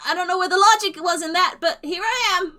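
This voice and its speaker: A woman's voice: fast talker, pushed and bright, faint music behind. A woman voicing a frantic, dramatic female gnome who talks in a flustered, theatrical way. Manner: high-pitched, flustered, theatrical.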